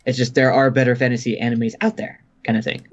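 A man's voice: mid-range voice, little pitch movement, quick pace, muffled recording. A man co-hosting a casual chat, talking in wry, exasperated rants. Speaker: podcast co-host.

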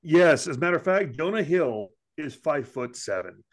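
A man's voice: on the high side, expressive, normal speed. A man making dry, sarcastic remarks in a casual comedic podcast chat.

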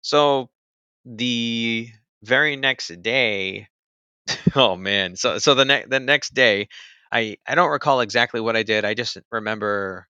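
A man casually tells a story about something that happened to him, keeping it loose and conversational with plenty of fillers like "like" and "you know." He takes it slowly in a medium-pitched, sharp, clean voice. The recording has no echo but sounds lo-fi.

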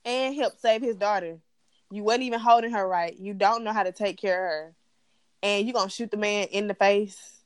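Woman, blunt, profane, casual recap chat, dry close sound, medium pitch. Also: normal speed, clean tone, no room sound. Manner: blunt, profane, animated ranting. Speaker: podcast co-host.

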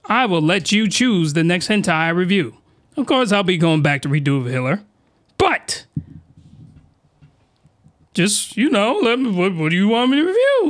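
A man with a high voice talks straight into a close desk mic, hosting his own solo podcast. He rants in slangy, excitable bursts and sometimes shouts when he gets worked up. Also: normal speed. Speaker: podcast host reviewing anime. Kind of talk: animated solo podcast rant. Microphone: desk microphone, close.

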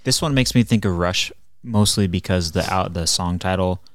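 A man's voice: deep voice, normal speed. A man hosting a music podcast in casual chat, matter-of-fact and hesitant at times. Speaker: podcast host.

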